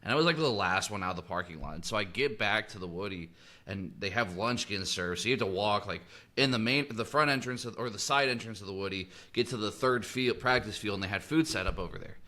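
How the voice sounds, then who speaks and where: Fast-talking bright-voiced man teasing. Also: on the low side. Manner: quick, teasing banter. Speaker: podcast co-host. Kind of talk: casual sports chat.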